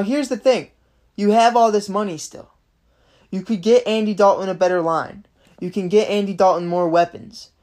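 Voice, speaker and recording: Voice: mid-range voice, darkish tone. Young podcaster in a profanity-laced rant. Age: 20s. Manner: frustrated, swears constantly, rapid fan rant. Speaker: sports podcast host. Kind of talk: casual sports podcast rant.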